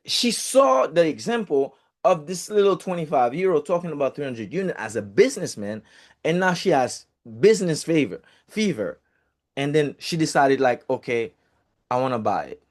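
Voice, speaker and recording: A man telling a personal story in a casual, chatty way, with swearing and filler words. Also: medium pitch. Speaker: real estate group speaker.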